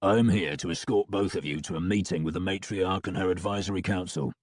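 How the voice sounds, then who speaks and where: A man voicing a stiff, stern male sergeant-at-arms who speaks flatly and curtly. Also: low-pitched, a little fast, dry recording, studio quality. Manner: flat and curt.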